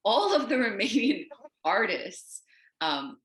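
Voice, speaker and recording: A woman poet from the United States, a guest on a video call, talking in a discursive, animated way and wandering onto tangents. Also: mid-range voice, slow, echoey room. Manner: animated, acts out quoted voices. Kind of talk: casual conversation.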